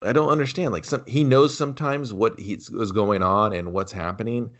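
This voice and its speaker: A man's voice: lowish voice, moderate pace. A young adult man co-hosting a movie review podcast, rambling sardonically and swearing freely as he picks apart a film. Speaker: podcast co-host. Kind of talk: casual movie review banter. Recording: dull lo-fi sound.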